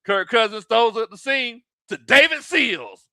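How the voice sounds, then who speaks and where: A man hosting live watch-party commentary, excitable and often shouting and laughing. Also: very high voice, unhurried. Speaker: sports livestream host.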